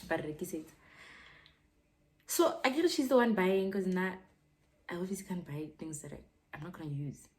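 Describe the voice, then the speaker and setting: A young South African woman with a South African accent, telling a gossipy story in a casual vlog and dropping into hushed whispers now and then. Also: fairly low pitch, lively intonation, normal speed, pauses often, a little hiss or hum. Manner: gossipy, drops to hushed whispers, mixes English with Setswana. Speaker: YouTuber.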